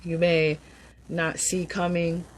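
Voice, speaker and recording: A woman giving a casual, upbeat tarot reading, chatty and quick to laugh. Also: on the low side, little pitch movement, a little hiss or hum, poor audio. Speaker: tarot reader.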